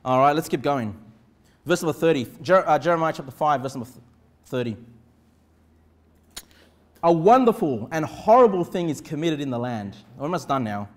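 Animated high-voiced preaching man. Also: normal speed, pauses often. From Australia. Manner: animated preaching, emphatic repetition, rhetorical questions. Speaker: pastor. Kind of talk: sermon. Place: church.

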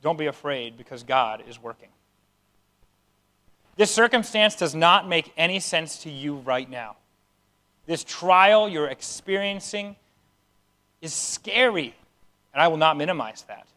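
A man in his thirties delivers a sermon in a fairly high, light voice. He preaches in an earnest, conversational way, mixing homely asides with emphatic calls to his listeners. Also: pushed and bright. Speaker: pastor.

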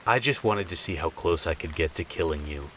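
A creepy young stranger speaks quietly and evenly, with no slur at all, as a man puts him on while telling a story. The voice sits very low in pitch. Faint rain patters behind him. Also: brisk, a little hiss or hum. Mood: calm menace. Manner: calm, quiet, unsettling. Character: creepy sober stranger feigning drunkenness, calm and menacing.

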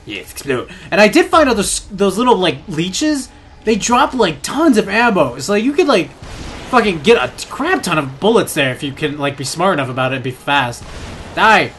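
A young man narrating his horror game playthrough, swearing often and yelling at enemies. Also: sits high, sing-song, moderate pace, slight background noise. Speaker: gaming YouTuber. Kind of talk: let's play commentary.

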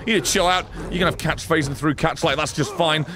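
A man giving sarcastic, excitable let's-play commentary, swearing often and talking back to characters in the game. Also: on the high side, fast talker, a crowd in the background. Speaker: gaming streamer.

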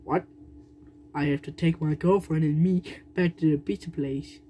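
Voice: medium pitch, steady tone, moderate pace, warm tone. A young narrator telling a toy play story, rambling and stalling with fillers and humming, indoors at home.

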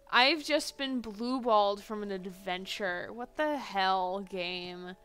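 A woman's voice: medium pitch, lively intonation, takes it slowly, pushed and bright, clear, resonant tone. A woman streaming a game live, chatting casually, exasperated, and swearing freely.

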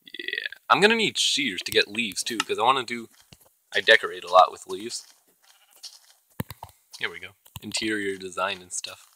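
Bright-voiced man narrating his game. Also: on the low side, expressive, moderate pace, long pauses, a little hiss or hum, poor audio. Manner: chatty, talks to himself and the game mobs. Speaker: gaming channel host. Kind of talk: casual gameplay commentary.

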